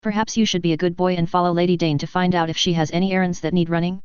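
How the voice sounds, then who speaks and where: An angry noblewoman with an icy, cutting tongue from a storybook reading, voiced by a woman. Her voice is low and very clear, in a dry, dull lo-fi recording. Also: steady tone, racing, dry recording, close to an everyday voice.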